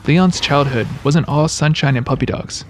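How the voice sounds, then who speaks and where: A man's voice: fairly high pitch, normal speed, a little hiss or hum. A man giving scripted video-game trivia narration, with wry, joking asides.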